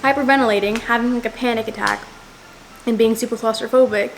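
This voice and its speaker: A woman's voice: fairly high pitch, steady tone, quick pace, creaky, slight background noise. A young woman telling a personal story to the camera in a casual, rambling way, full of "like". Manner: rambling, heavy use of "like". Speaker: vlogger.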